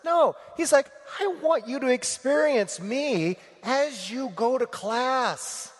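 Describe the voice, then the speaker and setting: A man's voice: very high voice, expressive, slow pace, in a large hall, pitched above the performer's own voice, full character voice. A man voicing Jesus, earnest and pleading, repeating each appeal with rising emphasis. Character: Jesus speaking lovingly to a listener, male adult.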